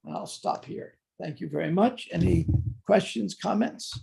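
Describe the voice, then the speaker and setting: A man giving a morning scripture class in a temple, telling stories in an animated way. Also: sits high, normal speed, gravelly, slightly rough. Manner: animated storytelling. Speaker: class teacher. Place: temple hall.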